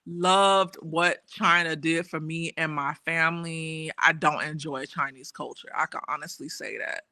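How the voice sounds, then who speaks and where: A middle-aged woman from New York tells stories in a casual podcast chat, her voice very bright and forward. She laughs easily and restarts her sentences, recorded close and dry with no room sound. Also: deep voice, unhurried, no room sound. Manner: animated, laughing storyteller with many restarts. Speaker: guest.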